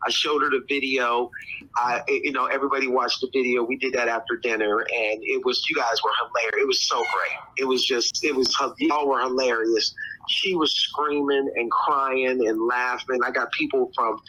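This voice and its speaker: A man, a podcast guest, telling a lively story in casual chat and laughing often. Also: normal speed, low-quality recording. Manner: animated, laughs often, breaks into high squeals.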